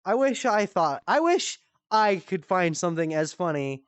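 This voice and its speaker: A woman hosting a comedy stream, telling a story in casual, animated style, swearing freely and jumping high for quoted voices. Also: normal speed, clean tone, no room sound. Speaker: comedy show host. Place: virtual-world live stream.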